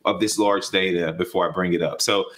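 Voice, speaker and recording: A man in his forties, a YouTube host, telling stories in a casual chat and acting out quotes. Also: fairly quick. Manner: animated, acts out quotes with big pitch jumps. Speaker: guest, YouTube data channel host.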